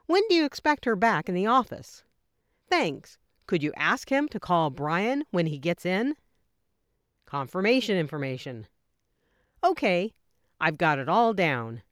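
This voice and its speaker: Clear, lively woman reading phone phrases. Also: lowish voice, no room sound, studio quality. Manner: clear, measured delivery with lively lifts on each example. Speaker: English teacher.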